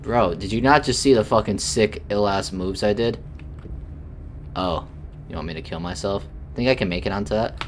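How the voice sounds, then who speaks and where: A man giving crude, mocking commentary while playing a video game, breaking into sudden yelps and shouts. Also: lowish voice, normal speed, slight background noise. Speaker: gaming streamer. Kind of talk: profane let's-play commentary.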